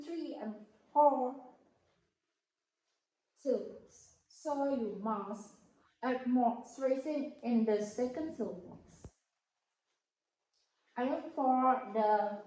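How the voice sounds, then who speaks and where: Slow, halting woman in an echoey room. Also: high voice, darkish tone. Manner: slow, halting, careful over each word. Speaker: student presenter. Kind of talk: classroom explanation.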